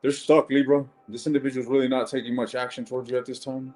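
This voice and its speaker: A man's voice: medium pitch, little pitch movement, quick pace, a little mellow. A man giving a casual live-stream tarot reading, blunt and chatty, swearing and calling viewers ladies and gents.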